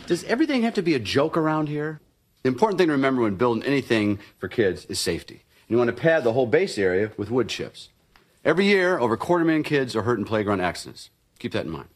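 Middle-aged tool-show host, boastful, goofy, lively sing-song pitch, sitcom. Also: male voice, quick pace. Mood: showy host. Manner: jokey, showy, then quiet and reflective. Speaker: TV home-improvement show host. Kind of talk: sitcom acting.

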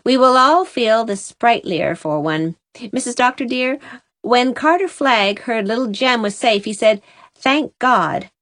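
A woman reading the part of a devoted older housekeeper talks briskly and busily, in a raised, fairly loud voice. The sound is close and dry in a storybook reading. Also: fairly high pitch, animated, dry recording, pitched above the performer's own voice. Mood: bustling. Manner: brisk, bustling.

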